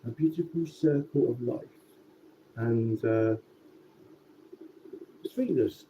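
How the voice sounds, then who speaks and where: A man telling a rambling, sweary story in a casual, relaxed way. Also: medium pitch, slow pace. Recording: tinny phone-like sound with faint background noise.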